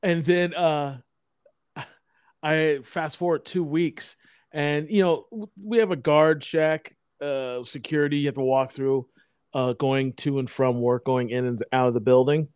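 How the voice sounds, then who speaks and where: A man with a somewhat high voice tells rambling, profane anecdotes in a loose, casual chat. He restarts his sentences often. The sound is dry and close, with no room echo. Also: unhurried, a little mellow, smooth. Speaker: storyteller in a podcast chat.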